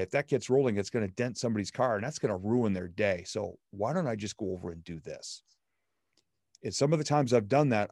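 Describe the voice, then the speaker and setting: A man with a lowish voice, chatting as a guest in a conversational interview. He tells stories in an upbeat, animated way. The sound is dry and close. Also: dry recording. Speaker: podcast guest. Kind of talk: conversational storytelling.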